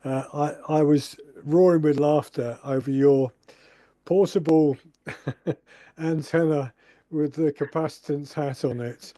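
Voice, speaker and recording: Male host, chatty, laughs often, mellow tone, dry close sound. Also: a little high, steady tone, takes it slowly, dry recording. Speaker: club talk host. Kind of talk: casual chat.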